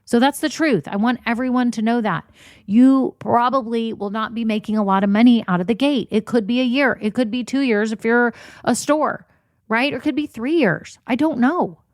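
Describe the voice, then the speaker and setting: A woman's voice: a little high, moderate pace, dry recording, studio quality. A woman hosting a solo business podcast, talking candidly and encouragingly to listeners, often saying y'all and voicing their worries. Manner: says y'all. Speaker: podcast host and business coach.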